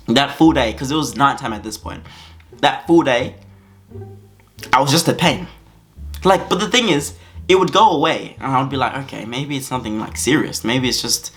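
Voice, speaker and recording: A young man, telling a comic story from his own life to his viewers in a lively, dramatic, laughing way, with soft music playing underneath. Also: mid-range voice. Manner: animated, laughing, dramatic exaggeration. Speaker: vlogger.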